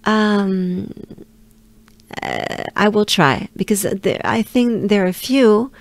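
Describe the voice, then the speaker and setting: Slow, patient French woman teaching. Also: mid-range voice, animated, creaky, no echo. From France. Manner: repeats words slowly and patiently, laughs lightly. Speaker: pronunciation teacher. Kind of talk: slow pronunciation lesson.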